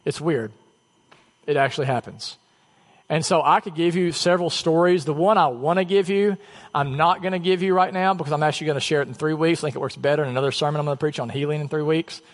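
Conversational pastor in a reverberant church. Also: male voice, a little high, fast talker. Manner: conversational, self-deprecating storytelling. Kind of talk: sermon. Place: church sanctuary.

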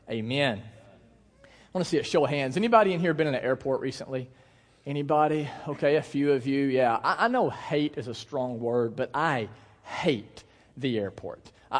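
A young man preaching a sermon to his congregation in a conversational, animated way, asking the crowd questions and telling stories. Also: sits high. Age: young adult. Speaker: pastor. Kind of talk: sermon with storytelling. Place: church hall. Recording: long hall reverb.

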